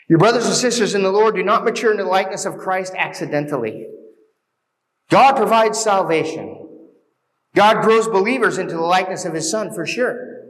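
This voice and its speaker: A man preaching as pastor, exhorting his listeners earnestly with rhetorical questions. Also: a little high. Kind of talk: sermon.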